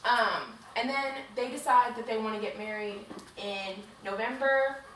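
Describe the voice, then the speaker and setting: A woman's voice: on the high side, measured pace, a bit bright. A woman co-hosting a podcast, casually recapping a book in a chatty, rambling way full of "like". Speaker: podcast co-host. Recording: very echoey room, distant mic, faint hiss.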